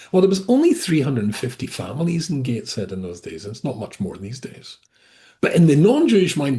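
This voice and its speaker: A man's voice: medium pitch, sing-song, moderate pace, a little mellow. A male rabbi teaching a Torah class over a video call, talking in a digressive way with frequent restarts and asides.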